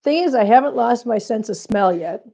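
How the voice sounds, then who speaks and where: On a cat channel livestream, a woman with a high-leaning, creaky, dark-toned voice chats animatedly at a moderate pace while short of breath from chest congestion. Recorded close to the mic with her breathing audible, she teases, laughs often, and reads out viewer comments.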